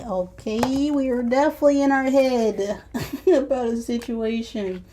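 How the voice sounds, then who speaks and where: A woman giving a collective tarot and oracle card reading. She is reflective, speaks straight to the viewer and adds soft sighs and asides. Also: fairly high pitch, slow pace, long pauses, a little hiss or hum. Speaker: tarot reader.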